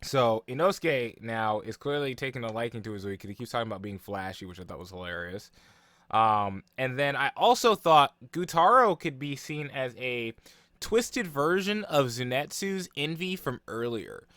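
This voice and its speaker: A young man talks through an anime episode in a loose, rambling way, full of "um" and "like." His voice is bright and forward, recorded close and dry, at a middle pitch. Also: animated, normal speed, no room sound. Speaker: anime reaction vlogger. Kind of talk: casual reaction and analysis.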